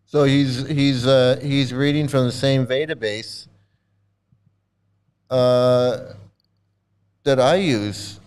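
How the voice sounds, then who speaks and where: A man's voice: medium pitch, fairly even intonation, drawn-out words, pauses often, darkish tone, clear, resonant tone. A middle-aged man ranting angrily at a video he is reacting to, abrasive and mocking, swearing constantly. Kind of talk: angry profane rant.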